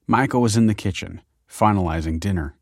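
A man narrating an audiobook chapter in a measured, even storytelling manner. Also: on the low side, no echo, studio quality. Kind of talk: scripted narration.

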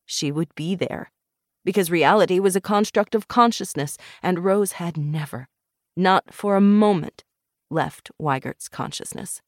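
Audiobook narrator, measured reading, mid-pitched voice, close dry sound. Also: no room sound. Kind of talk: scripted narration.

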